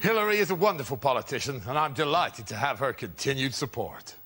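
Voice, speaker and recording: Panellist, man, lively pitch, pompous podium delivery, hissy studio recording. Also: fast talker. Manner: mock-grand oratory. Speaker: comedy panellist. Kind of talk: improvised comic speech parody.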